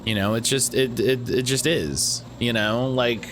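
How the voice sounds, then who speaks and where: A man streaming a video game, chatting casually and excitedly with his viewers, rambling and greeting them by name. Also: medium pitch, unhurried, slight background noise. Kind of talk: casual live-stream chat.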